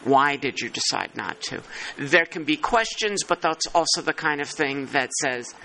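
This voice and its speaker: A man's voice: fairly high pitch, expressive, normal speed, bright, forceful tone, a little hiss or hum, poor audio. A man chairing a working-group meeting, thinking aloud and poking fun at himself. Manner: thinking aloud, self-deprecating.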